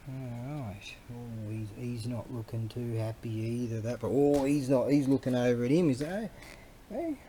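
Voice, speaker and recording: A man's voice: medium pitch, little pitch movement, moderate pace, hardly any pauses, dark tone, a little hiss or hum. A middle-aged Australian man giving casual, wandering commentary full of slang as a vlogger. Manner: slangy, wandering, chuckling storyteller.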